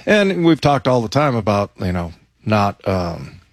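A man with a lowish voice co-hosts a sports radio show. He tells stories in a relaxed, chatty way, recorded close and dry. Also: a little slow, no echo. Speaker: radio co-host, former player. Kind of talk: casual radio chat.

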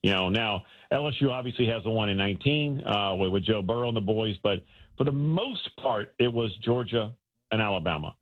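Male sports-radio co-host on a call-in line, husky and animated, thin tinny phone sound. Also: fairly low pitch, a little fast. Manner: animated, colloquial, repeats words when excited. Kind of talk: casual sports talk.

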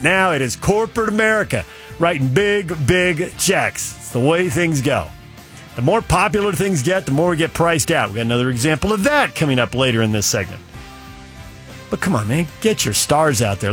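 Middle-aged male sports talk host, slightly high voice, chatty storyteller, faint music bed. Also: fairly bright tone. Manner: rambling, opinionated, storytelling. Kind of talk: casual sports talk monologue.

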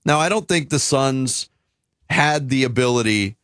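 A man hosting a studio sports talk show, speaking in a measured, analytical way and joining in the banter. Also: mid-range voice, lively intonation, a bit bright, no echo. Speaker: sports radio host. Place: radio studio. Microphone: studio microphone.

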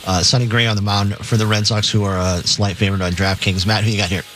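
A man's voice: on the low side, flat delivery, fast, a bit bright, faint music behind. A man on sports radio reading out games and betting lines in a plain, matter-of-fact way.

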